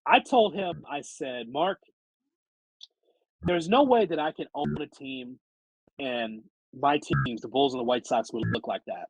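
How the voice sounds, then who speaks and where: A man's voice: medium pitch, lively intonation, measured pace, gravelly, breathy edge, dry recording, low-quality recording. A man co-hosting a sports podcast, ranting animatedly and acting out mock quotes. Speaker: sports radio co-host. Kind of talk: casual sports podcast banter.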